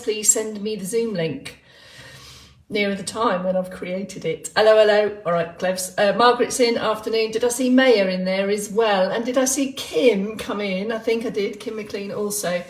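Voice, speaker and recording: A woman runs a live movement class, chatting and joking as she greets people by name. Her voice sits back from the mic in a roomy, echoing space. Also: mid-range voice. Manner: chatty, rambling, jokey, greeting viewers by name. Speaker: exercise class instructor. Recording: roomy sound from a distant mic.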